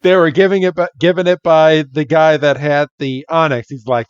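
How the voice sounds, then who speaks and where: A man's voice: on the high side, steady tone, moderate pace, hardly any pauses, clear, resonant tone, no echo, highs cut off. A man co-hosting a podcast, casually recapping a cartoon episode and acting out the characters' lines in goofy voices with frequent laughter. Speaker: podcast co-host.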